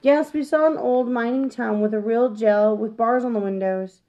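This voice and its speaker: An earnest young boy speaks plainly and sincerely, read by a woman from a storybook. His voice is fairly high and direct, the way a child talks to a close friend. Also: moderate pace, dull audio, close to an everyday voice. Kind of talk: storybook reading.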